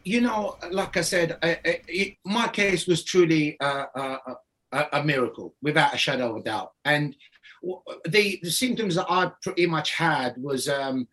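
A man's voice: a little high, normal speed, a bit bright. A man speaking as a guest, telling his story in a rambling, casual way, often restarting and laughing.

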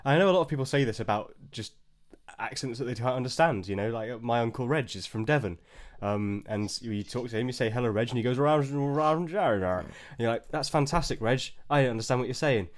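A man's voice: medium pitch, quick pace. A man with a mid-range voice hosts a casual podcast chat. He rambles through his stories and often stumbles and restarts his words. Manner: stammering, rambling storyteller. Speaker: podcast host.

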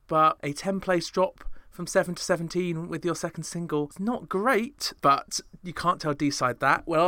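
Bright, wry man hosting a chart show. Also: fairly high pitch, no echo, clean studio sound. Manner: wry, sarcastic asides. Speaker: podcast host. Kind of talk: chatty scripted pop-chart commentary.

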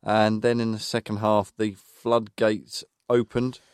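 A man's voice: on the low side, little pitch movement, measured pace, a little mellow, clean tone, no echo, studio quality. A man co-hosting a podcast, recapping a football match goal by goal in casual chat. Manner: recaps goals and minutes from notes. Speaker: podcast co-host.

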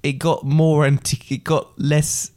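A man's voice: a little high, little pitch movement, unhurried, a little mellow. A man in a casual chat, making dry, teasing jokes at his co-host.

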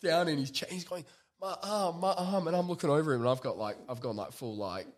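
An Australian man co-hosting a podcast, telling stories in casual chat, acting out quotes loudly and laughing often. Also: mid-range voice, expressive, fast. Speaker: podcast co-host.

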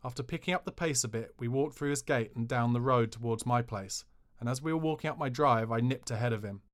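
A man reads a comic memoir aloud for a podcast. His delivery is dry and cheeky, in a mid-pitched voice. He sounds like he is enjoying the mischief. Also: fairly quick. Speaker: podcast narrator.

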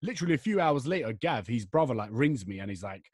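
A man's voice: medium pitch, very animated, fast, no echo, clean studio sound. A young English man hosting a podcast, chatting casually in a rambling, slangy way with his friend. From England. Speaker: podcast host. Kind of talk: casual chat.

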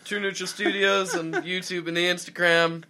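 A man's voice: high-pitched, level tone, moderate pace, bright, forceful tone, a little hiss or hum. A young man co-hosting a podcast, arguing in exasperated, swearing rants with bursts of laughter. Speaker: podcast co-host. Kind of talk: casual banter.

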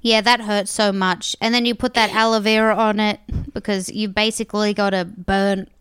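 A woman's voice: medium pitch, level tone, moderate pace, fairly bright tone, smooth, no room sound, clean studio sound. A young woman chatting playfully on a podcast, swearing casually and giggling.

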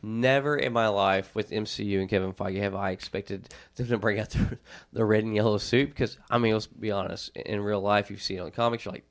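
A low, gravelly man chatting casually as co-host of a fan show. He gets excited fast, cuts in and restarts his sentences, and laughs easily. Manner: excitable, talks over and restarts, laughs often. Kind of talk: casual chat.

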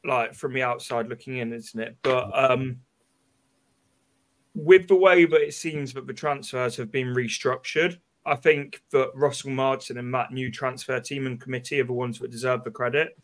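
A man guesting on a football podcast, measured and hedging with fillers. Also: medium pitch, fairly even intonation, fairly bright tone. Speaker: guest, fan channel creator. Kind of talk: casual football chat.

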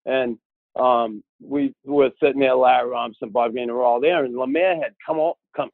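A man telling a long casual anecdote, lively and acting out the voices of the people he quotes. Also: medium pitch, moderate pace, no echo. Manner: animated, acts out quoted voices. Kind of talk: casual storytelling. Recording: tinny phone-like audio.

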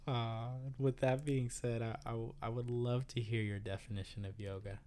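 A woman podcast host and yoga teacher who asks questions slowly and affirms her guest warmly. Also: extremely low pitch, level tone. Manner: slow, affirming, encouraging. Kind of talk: interview hosting.

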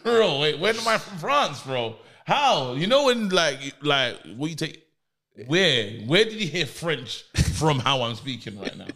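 A man's voice: on the high side, sing-song, measured pace, pushed and bright. A young man, co-hosting a podcast and teasing his friends with playful stories. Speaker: podcast co-host. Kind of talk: casual banter.

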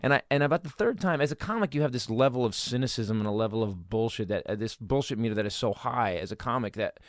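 Guy talking super fast, animated stories, does little voices for people, dry mic. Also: mid-range voice, dry recording. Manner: rapid, animated, acts out quotes. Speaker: comedian guest. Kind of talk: casual storytelling.

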